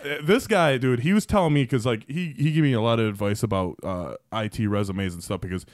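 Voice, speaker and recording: A man's voice: medium pitch, a little fast, no echo, studio quality. Profane rambling male storyteller. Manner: profane, rambling anecdotes with many fillers. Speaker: podcast guest. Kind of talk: casual storytelling.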